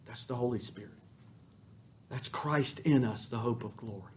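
A man preaching a sermon as pastor, fervent, swelling loud on emphatic lines and dropping soft on quiet ones. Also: mid-range voice, normal speed, pauses often.

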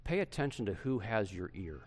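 A middle-aged male pastor preaching a sermon to his church, swinging from loud emphasis to hushed softness. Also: lowish voice, very animated, normal speed, slightly rough.

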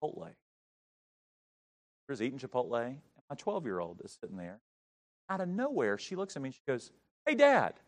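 A middle-aged man preaching, telling a story with big swings from shouting to hushed tones. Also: medium pitch, very animated, fairly quick, pauses often. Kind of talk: sermon storytelling.

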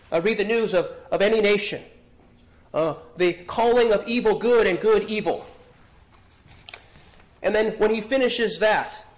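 Male pastor, high voice, earnest sermon delivery with restarts and throat-clearing. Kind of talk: expository sermon.

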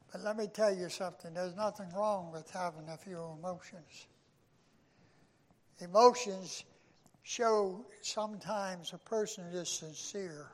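An older man, a former pastor, preaching a sermon, slow and halting with frequent restarts and rising bursts of emphasis. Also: sits high, fairly bright tone, big-room sound.

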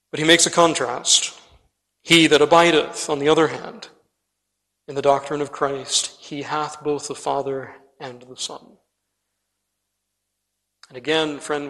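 Male pastor, sermon delivery, emphatic and earnest, voice a bit high, long hall reverb. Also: fairly bright tone. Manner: earnest, emphatic, repeatedly addressing the listener as friend. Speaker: preacher.

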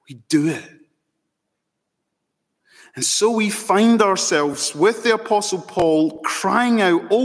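A man preaching a sermon as pastor, slow and emphatic, building to fervent peaks. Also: high voice. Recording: long hall reverb.

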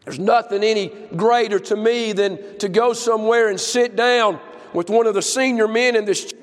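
Older pastor preaching, gets loud and shouty, folksy, long echo in the room. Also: male voice, high-pitched, normal speed. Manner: folksy, impassioned, building to shouts. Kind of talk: sermon. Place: church service. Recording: long church reverb.

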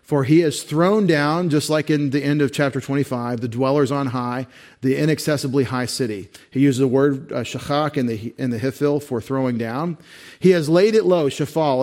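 A man's voice: mid-range voice, darkish tone. A man preaching a sermon, talking conversationally and growing emphatic when he reads scripture and hymn lines aloud. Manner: conversational, rising to emphatic when reading verses. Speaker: pastor.

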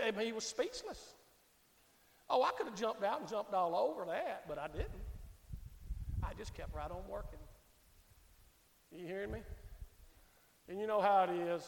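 A male pastor preaching with a strikingly high voice. He rises to fervent shouts and drops to soft, hushed pleading. His voice rings through a church hall with a long, echoing reverb. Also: vocal fry. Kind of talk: sermon. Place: church sanctuary.

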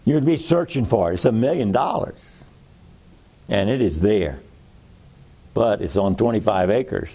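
A man's voice: on the low side, animated, measured pace, pauses often, dark tone, husky. A man preaching a sermon in a folksy way, repeating phrases for emphasis.

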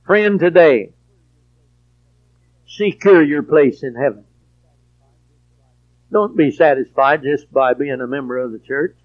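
High-voiced slow preacher man. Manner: preachy, swings from quiet to shouted emphasis. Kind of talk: sermon. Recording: dull lo-fi recording.

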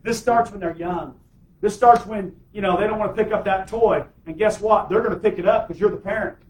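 A man's voice: sits high, brisk, darkish tone, reverberant, far from the mic, poor audio. A man preaching a sermon as pastor, emphatic, calling for amens from the congregation. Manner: emphatic, call-and-response preaching.

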